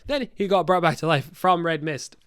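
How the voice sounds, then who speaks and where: Young man, podcast host, game master, rambling, swearing, self-correcting, smooth clear voice, dry close sound. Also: on the high side, moderate pace, a bit bright, no echo. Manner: rambling, profane storytelling with many self-corrections. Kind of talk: casual podcast chat.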